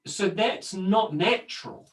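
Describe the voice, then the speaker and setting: A man co-hosting a casual conversation, telling stories in an animated, rambling way with lots of restarts. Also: high voice, slow, recorded from a distance, rough recording. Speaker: co-host. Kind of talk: casual conversation about personal growth.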